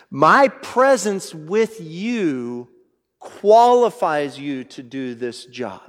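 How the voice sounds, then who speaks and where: A man delivering a sermon with a slightly high voice. He talks in a conversational way and keeps checking in with the congregation. A long reverb trails each phrase, as if he is in a big hall. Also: sing-song, drawn-out words, a bit bright. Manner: conversational, checks in with "right?" and "all right?"; reads scripture aloud, then explains it. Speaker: pastor.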